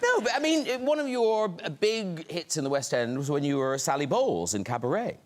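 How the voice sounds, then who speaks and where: Teasing talk show host, very lively voice. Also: male voice, fairly high pitch, a little fast. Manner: teasing, giggly, interviewing. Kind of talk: casual chat. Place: TV studio with audience.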